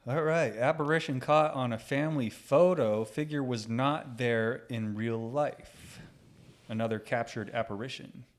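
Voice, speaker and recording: A man co-hosting a casual reaction chat, laughing often and reading posts aloud. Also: medium pitch. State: sleep-deprived. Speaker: co-host.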